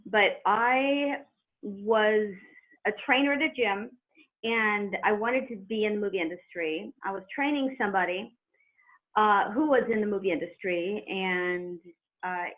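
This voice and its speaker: A middle-aged woman, a former wrestler, telling her story as a guest in an animated, chatty way with laughs. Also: mid-range voice, unhurried. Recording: tinny phone line.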